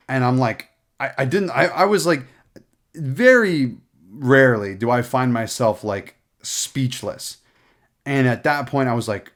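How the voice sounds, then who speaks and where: Young man, casual storytelling, swears a lot, rambles with fillers, mid-pitched voice. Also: expressive, unhurried. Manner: rambling, profane, full of "like" and restarts. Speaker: podcast host.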